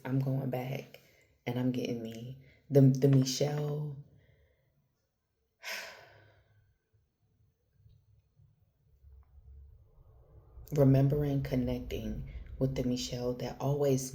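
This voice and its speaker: A woman's voice: rumbling low, steady tone, slow pace, pauses often. A woman talking casually and from the heart to her viewers, slangy and personal, calling the listener girl and baby. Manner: slangy, conversational, trails off and restarts; grows softer and more intimate toward the end. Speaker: spiritual vlogger. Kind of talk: casual heartfelt monologue to camera.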